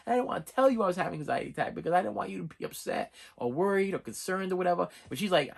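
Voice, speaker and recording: A man's voice: high voice, rapid-fire, gravelly, few pauses, husky. A middle-aged man telling a long, rambling personal story to camera as a movie-collector vlogger, repeating himself and restarting sentences. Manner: animated, repetitive storytelling with restarts. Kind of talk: rambling casual monologue.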